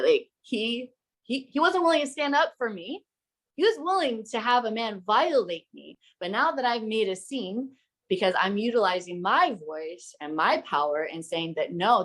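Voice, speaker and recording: A woman's voice: medium pitch, a bit bright. A young woman hosts a podcast and recounts a story in a fired-up, emphatic voice. She talks casually, curses without holding back, and keeps the telling intense. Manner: heated, emphatic, swears freely. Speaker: podcast host.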